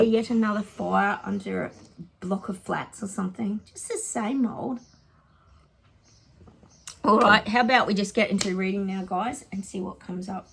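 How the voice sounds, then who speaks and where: A woman's voice: medium pitch, normal speed, gravelly, fairly bright tone, a little hiss or hum. An Australian woman psychic chatting casually to her viewers in a rambling vlog reading.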